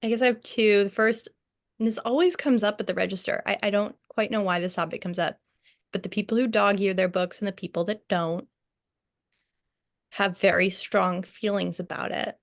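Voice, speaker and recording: A woman's voice: mid-range voice, steady tone, normal speed. A woman bookseller answering on a video call with wry, dry humor. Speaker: bookseller guest.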